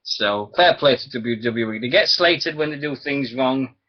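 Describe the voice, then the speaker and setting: A man's voice: mid-range voice, measured pace. Rambling man, lo-fi internet radio. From Britain. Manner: rambling, chuckling, loses his thread. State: sore throat. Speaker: wrestling radio host. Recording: dull lo-fi stream audio.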